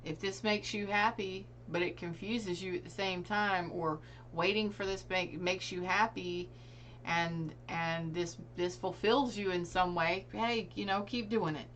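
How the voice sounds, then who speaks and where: A woman's voice: fairly low pitch, steady tone, measured pace, a bit bright, a little hiss or hum. Earnest, chatty woman reading tarot. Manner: chatty, earnest, addresses viewers directly. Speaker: tarot reader. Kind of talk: casual tarot reading to camera.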